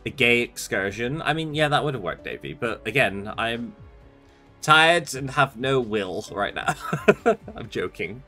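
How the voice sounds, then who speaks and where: A young man live-streams a game and chats loosely with viewers, sleepy yet animated, his pitch rising and falling a lot. His voice has a bright, forward edge, and soft game music sits in the background. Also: measured pace. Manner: chatty, rambling, reads out chat messages. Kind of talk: casual live-stream chat while gaming.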